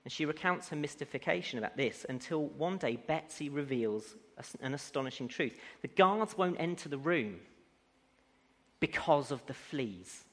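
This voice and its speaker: A man's voice: on the high side, lively intonation, moderate pace, a bit bright. A man preaching a sermon who builds to emphatic, rising declarations. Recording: long hall reverb.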